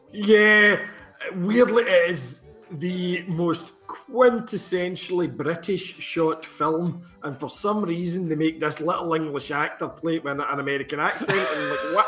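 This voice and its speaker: A man chatting casually about films on a podcast, sweary and quick to laugh. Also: fairly high pitch, soft background music. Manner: sweary, laughing, animated film chat. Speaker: podcast co-host. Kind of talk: casual chat.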